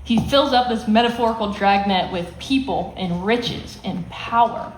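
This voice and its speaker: A woman's voice: medium pitch, unhurried. Woman teaching a Bible lesson, echoey. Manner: explains plainly, acts out quotes with emphasis. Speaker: youth Bible study teacher. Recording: echoey room, faint hiss.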